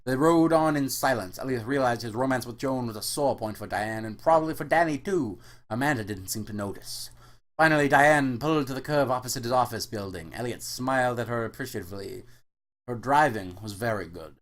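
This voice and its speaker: Guy reading a cheesy novel out loud, deadpan, mid pitch. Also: fairly quick. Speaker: host and reader. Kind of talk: mock-serious comic book reading.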